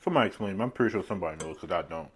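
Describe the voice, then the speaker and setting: A man's voice: low-pitched, expressive, very fast, slightly rough. A man talking casually while eating a meal on camera. He rambles from one thought to the next and chuckles often at his own remarks, recorded on a phone set on a tripod. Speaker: mukbang vlogger. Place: seated indoors at a meal.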